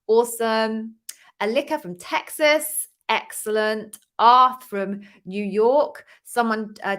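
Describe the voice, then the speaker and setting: A woman's voice: mid-range voice, fairly bright tone. A woman, an interview coach hosting a casual live-stream Q&A, chatty, welcoming and self-deprecating as she greets viewers.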